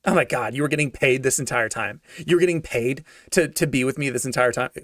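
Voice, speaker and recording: A man's voice: medium pitch, quick pace, a bit bright, no room sound, studio quality, recorded from a distance, close to an everyday voice. A man mockingly quoting a hurt, emotional teenage girl in an overdone, melodramatic way.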